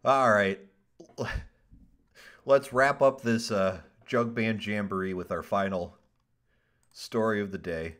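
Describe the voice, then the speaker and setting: A man's voice: on the low side, slow pace, long pauses. A man hosting a casual podcast, reading odd news stories aloud with jokes, swearing and laughter. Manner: animated, laughs often, swears, ad-libs jokes.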